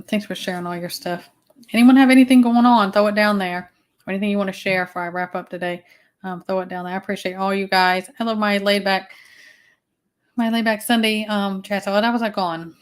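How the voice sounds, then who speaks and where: A woman's voice: mid-range voice, steady tone, a little fast. A woman with a Southern US accent, hosting a casual livestream chat, rambling with fillers and restarts. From Southern United States. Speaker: livestream host.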